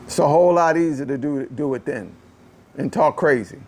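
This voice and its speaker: A man hosting a casual political talk show, ranting in an animated, exasperated way, often repeating phrases and swinging from low muttering to a raised voice. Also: normal speed. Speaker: podcast host. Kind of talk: casual political commentary rant.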